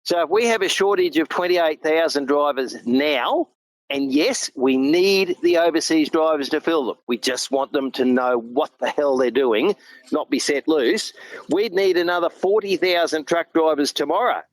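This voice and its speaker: A man's voice: fairly high pitch, normal speed, low-quality recording. A middle-aged Australian man, a truck driver guest, talking emphatically and earnestly in a casual chat.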